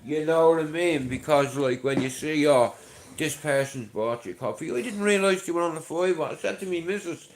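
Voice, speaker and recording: A man's voice: on the high side, moderate pace, a little hiss or hum. A middle-aged man with a Dublin accent, chatting casually to his livestream viewers, rambling and swearing freely, with a chesty voice from a chest infection. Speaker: livestream host.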